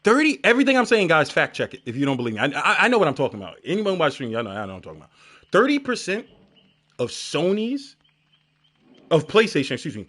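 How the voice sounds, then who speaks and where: Loud, lively, profane man streaming. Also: fairly high pitch. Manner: profane, animated storytelling with shouted crowd imitations. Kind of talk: casual stream commentary.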